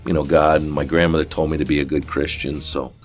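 A man's voice: extremely low pitch, flat delivery, fast, soft background music. An older man from southern Ohio, an interview guest telling a long personal story in a rambling, folksy way full of fillers and restarts. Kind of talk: casual storytelling.

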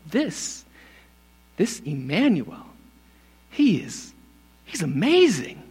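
A man's voice: a little high, a little slow, fairly bright tone. A male pastor preaching a sermon, emphatic and repeating words for stress, calling for responses. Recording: long hall reverb.

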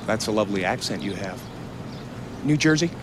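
An actor playing a polite visiting lecturer asking for directions, chatty and joking. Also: male voice, lowish voice, animated, a little fast, natural voice. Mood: amused. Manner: chatty, amused, laughs at own jokes. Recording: film clip with street traffic noise.

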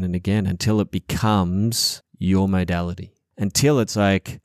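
A man's voice: deep voice, darkish tone, dry recording, clean studio sound. A man, hosting a casual podcast chat, speaking earnestly with a lot of swearing and repetition. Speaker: podcast host.

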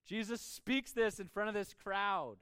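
A man preaching a sermon as pastor, emphatic, with his voice swinging between soft and loud. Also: high voice, a little slow, clean tone, no room sound.

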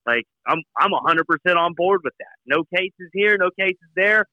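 A man's voice: high-pitched, lively intonation, moderate pace, no room sound, dull audio. A man co-hosting a podcast, joking in laid-back talk with frequent restarts. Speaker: podcast co-host. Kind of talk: casual podcast chat.

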